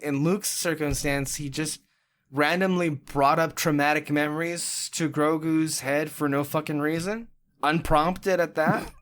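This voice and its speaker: A man hosting a podcast in casual chat, talking in an animated way, swearing freely and often laughing. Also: fairly high pitch, a little slow. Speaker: podcast host.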